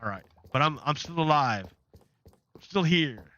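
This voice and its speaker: A man's voice: fairly high pitch, lively intonation, moderate pace, sharp tone, muffled recording. A man giving chatty, sarcastic commentary while playing a game, often restarting sentences. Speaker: gaming channel host.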